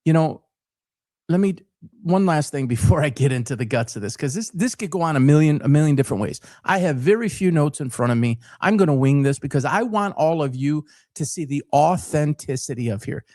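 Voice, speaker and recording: A man's voice: a little high, a little mellow, no room sound. Earnest middle-aged Detroit man, dry sound. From Detroit, Michigan. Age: 50s. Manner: earnest, emphatic, repeats words as he builds his point. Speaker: sports talk show host. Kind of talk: unscripted monologue to camera.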